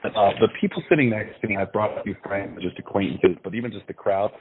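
Male interview guest, very low pitch, rambling with fillers, over a thin, tinny phone line. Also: quick pace, slightly rough. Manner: rambling, many fillers and restarts. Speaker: actor and producer, guest.

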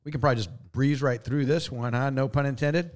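A man's voice: mid-range voice, steady tone. A man hosting a casual sports show, reading off stats and handing the floor to co-hosts. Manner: brisk, stat-heavy, moves the show along. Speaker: sports podcast host. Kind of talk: casual sports chat, running the segment.

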